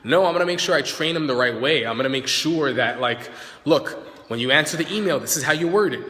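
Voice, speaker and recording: A man explains dog training to live viewers in a loose, chatty way, checking in with "right?" and "like" as he works the dogs. His voice comes across bright and forward. It bounces around a large hard-walled room with a long, ringing reverb. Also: fairly high pitch, expressive, a little fast, slight background noise. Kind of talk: casual live-stream explanation.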